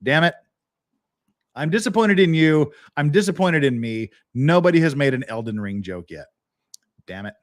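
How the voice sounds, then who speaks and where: Animated man hosting a live legal stream. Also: a little high, normal speed, pauses often. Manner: animated, joking, chatty with chat. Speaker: podcast host.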